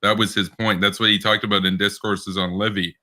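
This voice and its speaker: A man co-hosts a casual political podcast in a low voice with a sharp, forceful edge. He rambles, doubles back on his words and laughs often as he talks. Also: level tone, fairly quick. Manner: rambling, with frequent restarts and laughter. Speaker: podcast co-host.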